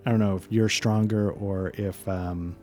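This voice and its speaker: A man's voice: fairly low pitch, steady tone, measured pace, warm tone, faint music behind. A man narrating a tabletop game as game master, rambling and hesitant with many fillers.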